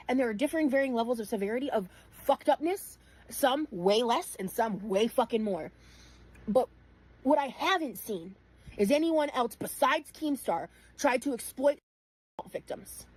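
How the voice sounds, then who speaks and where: A woman's voice: sits high, animated, normal speed, poor audio. Heated, profane woman commentator. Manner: blunt and profane, frequent fillers. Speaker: streamer in a clipped commentary segment.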